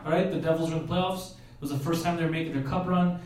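A man hosting a live podcast, asking questions in an excitable way and cracking quick jokes. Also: on the high side, slight background noise. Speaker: podcast host. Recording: echoey room, distant mic.

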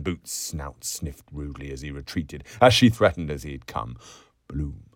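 A man's voice: very deep voice, expressive, moderate pace, no room sound, clean studio sound. A man reading a novel aloud, lyrical and theatrical, dropping to whispers and rising to bursts. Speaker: audiobook reader.

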